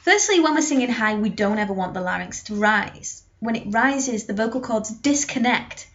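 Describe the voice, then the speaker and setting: Young woman, singing teacher, slightly high voice, demonstrating technique, dull lo-fi sound. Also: expressive, moderate pace. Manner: explains with sung and spoken demonstrations. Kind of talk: vocal lesson to camera.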